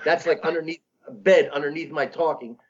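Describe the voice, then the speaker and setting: Man, sixties, raised pitch, halting storyteller, muffled low-fidelity audio. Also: steady tone. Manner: rambling, halting with many restarts. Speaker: comedian guest. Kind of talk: casual storytelling interview. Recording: dull lo-fi audio.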